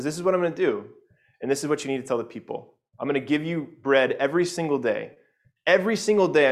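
A young man giving a casual sermon, reading scripture aloud and retelling it in plain chatty words, with lots of "like" and quick asides. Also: fairly high pitch. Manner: conversational, many "like"s and asides, slips into quick voices for people in the story. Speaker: pastor.

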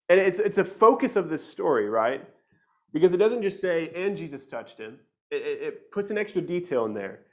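A man teaching scripture in a conversational way, reading verses aloud and explaining them closely, often repeating words as he goes. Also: on the high side. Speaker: preacher.

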